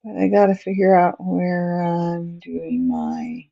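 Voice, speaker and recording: A woman with a lowish, gravelly voice talks slowly and loosely as she crochets on a livestream, muttering to herself and apologizing to viewers. The sound is dry and dull, like lo-fi stream audio. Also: flat delivery, warm tone, dry recording. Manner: chatty, distracted, talking to herself while crocheting; apologetic, yawning. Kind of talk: casual crochet livestream chat.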